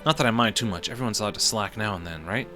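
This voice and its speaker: A man's voice: racing, pushed and bright, soft background music. A man voicing a kind, mild-mannered male schoolteacher who speaks politely and encouragingly. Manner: polite, encouraging, low-key.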